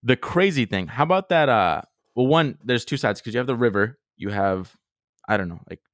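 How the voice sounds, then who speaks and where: A young man co-hosting a podcast tells travel stories in a rambling, excitable way and swears freely. His mid-range voice moves at a moderate pace, and the recording is dry with clean studio sound.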